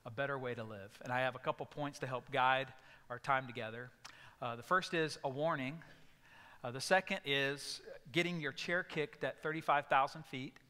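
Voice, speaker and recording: A man's voice: medium pitch, moderate pace, pushed and bright, clear, resonant tone, long reverb tail. A male pastor giving a sermon, telling stories and acting out voices in bursts. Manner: storytelling with sudden acted outbursts. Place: church sanctuary.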